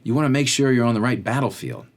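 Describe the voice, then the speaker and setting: Rambling man with a lively voice. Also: mid-range voice, fast talker. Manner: rambling, wanders off on tangents; conversational, fills with "like". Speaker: podcast host. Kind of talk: faith-based motivational talk.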